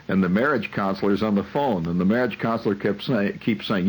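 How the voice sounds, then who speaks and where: A man's voice: on the low side, brisk, few pauses, breathy edge, poor audio. A man who hosts on the radio, telling a rambling, wry comic monologue full of digressions and hesitations. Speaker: radio host.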